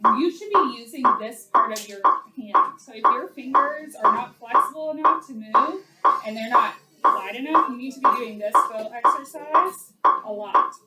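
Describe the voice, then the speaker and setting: A woman teacher coaching a violin section, counting off and giving quick practical instructions. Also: on the high side, animated, a crowd in the background. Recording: echoey rehearsal room. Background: violins playing.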